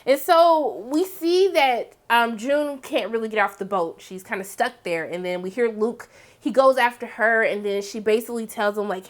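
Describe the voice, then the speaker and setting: A woman hosting a casual TV recap, chatty and animated, full of "like" and "um" fillers. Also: normal speed. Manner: chatty, heavy use of "like" and "um"; animated, breaks into excited high exclamations. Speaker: TV series review host.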